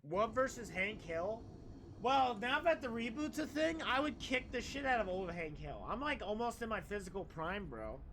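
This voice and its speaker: A man's voice: high voice, very animated, normal speed, fairly bright tone, slight background noise. A young man streaming a game, chatting casually in a rambling, crude, joking way. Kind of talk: casual live-stream chat while gaming.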